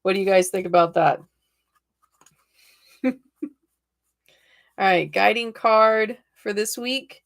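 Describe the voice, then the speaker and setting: A woman's voice: medium pitch, slow pace, gravelly, pauses often. A woman in her forties hosting a casual live stream and reading tarot cards, chatty and laughing often as she talks to her viewers. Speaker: host.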